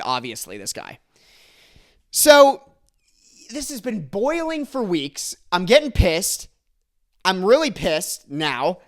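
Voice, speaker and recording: A young man tells a comic grievance story on a podcast, ranting hard. His voice sits high and leaps all over the place. He breaks into laughs and shouts as he winds himself up. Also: clear, resonant tone. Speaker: podcast host. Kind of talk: comedic storytelling rant.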